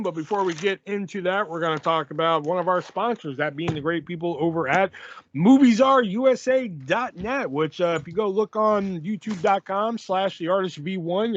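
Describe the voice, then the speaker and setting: A man with a high, fairly bright voice hosts a podcast, heard through a muffled recording. Chatting casually, he swears freely and rambles loosely through a sponsor read.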